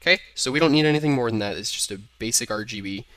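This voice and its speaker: Rapid-fire and pushed, this medium-pitched, bright male voice belongs to a young man casually explaining code in a screen-recorded programming tutorial. He thinks out loud and fixes his errors as he types, with keyboard noise underneath.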